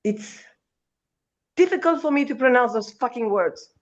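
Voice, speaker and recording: A woman's voice: on the high side, expressive, moderate pace, lo-fi sound. A woman speaking as a gives an impassioned spiritual talk, emphatic, calling her listener darling and now and then swearing.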